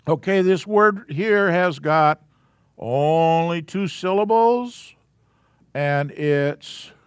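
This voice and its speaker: A man teaches a live class, taking his time and sounding out each letter patiently. His voice is smooth and clear, sitting a little high for a man, and the sound is dry and close. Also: dry recording. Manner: slow, patient, walking through letters step by step. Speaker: Hebrew alphabet teacher.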